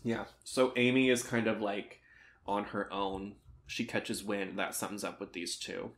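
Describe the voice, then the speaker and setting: A man's voice: on the low side, fairly even intonation, a little slow, fairly bright tone. A man co-hosting a podcast in casual chat, rambling and sometimes losing his train of thought. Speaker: podcast co-host.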